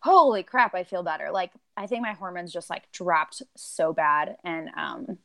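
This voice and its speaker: A woman's voice: on the low side, a little slow, gravelly, fairly bright tone. A woman guest on a podcast, talking casually and at length with many "like"s and "um"s, acting out her own remembered lines. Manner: rambling, lots of "like" and "um", acts out her own quotes. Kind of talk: casual chat.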